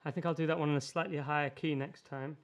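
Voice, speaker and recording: At a piano in a room at home, a man hosts a music livestream, chatting casually between songs in a relaxed way and making self-deprecating asides. His voice is on the high side and fast, the sound is lo-fi, and music is clearly heard playing behind him.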